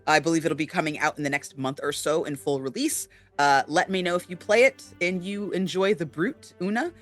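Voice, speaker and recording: A man with a rather high, bright and forceful voice co-hosts a casual talk show. He talks earnestly, with plenty of filler words. Faint music plays behind him. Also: fairly quick. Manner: earnest, many fillers, warm shout-outs. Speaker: co-host. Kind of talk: casual chat.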